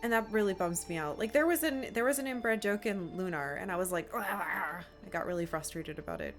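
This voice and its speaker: A woman's voice: on the low side, fairly quick. A young woman from Appalachia chatting while streaming a game, rambling with lots of fillers. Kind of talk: casual gameplay commentary. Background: faint game music.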